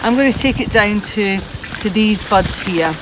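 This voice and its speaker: A woman's voice: medium pitch, measured pace. Chatty woman gardener outdoors, traffic behind. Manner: chatty and practical, talking while she cuts. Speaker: gardening presenter. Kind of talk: hands-on gardening demonstration. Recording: outdoor recording with traffic noise. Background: steady outdoor noise with passing traffic.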